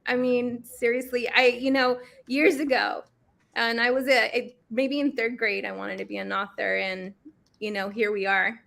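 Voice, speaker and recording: A woman's voice: on the high side, level tone, normal speed, gravelly, a bit bright. A woman in her forties speaking as a co-author on a video call, effusive, grateful and emotional. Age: 40s. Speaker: co-author and guest. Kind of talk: casual livestream chat.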